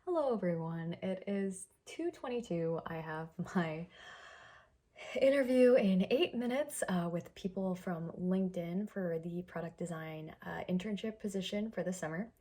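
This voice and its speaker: A woman's voice: lowish voice, lively intonation, moderate pace, dark tone. A young woman talking casually to camera in a vlog, chatty and a little nervous, with many fillers. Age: young adult. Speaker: vlogger.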